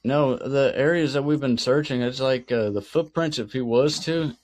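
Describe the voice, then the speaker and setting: A man's voice: mid-range voice, normal speed, darkish tone. A man, a guest on an interview alongside his father, talking hesitantly and hedging often. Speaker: guest, son. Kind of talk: casual interview chat.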